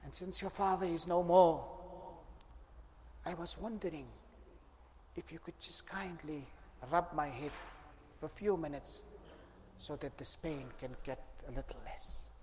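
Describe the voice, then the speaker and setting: A man's voice: mid-range voice, moderate pace, pauses often, lightly acted. A man voicing a frail, whispering old mother. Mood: pained, meek. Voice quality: soft, near-whispered. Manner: meek, apologetic. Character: elderly widowed mother in pain, gentle. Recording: long reverb, faint background noise.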